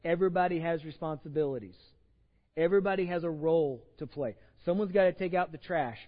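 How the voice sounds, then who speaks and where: A man's voice: a little high, a little fast. Texan male pastor, casual stumbling sermon delivery, dull recording in a reverberant sanctuary. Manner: conversational, repeats words and restarts, jokes with the congregation. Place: church sanctuary with long reverb.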